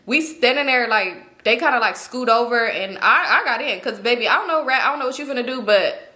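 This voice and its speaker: A young woman vlogger telling a story to her viewers in an animated, slangy, profane way. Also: on the high side, a little fast. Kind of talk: storytime vlog.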